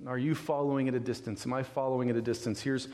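A male pastor from California delivers a sermon with lively storytelling. He slips in and out of character voices and keeps asking his listeners questions. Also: medium pitch, fast. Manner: animated storytelling, acting out voices, rhetorical questions.

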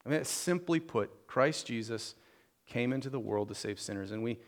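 A man's voice: medium pitch, animated, moderate pace. A man preaching a conversational sermon to a congregation, informal and joking, often restarting and repeating words.

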